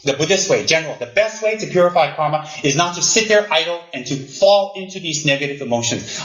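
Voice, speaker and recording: A man's voice: on the high side, fairly quick, few pauses. Man giving a teasing Dharma talk, roomy sound. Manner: animated and teasing, mimics students' excuses. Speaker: Buddhist lama. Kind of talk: Dharma teaching to students. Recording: roomy, dull lo-fi hall recording.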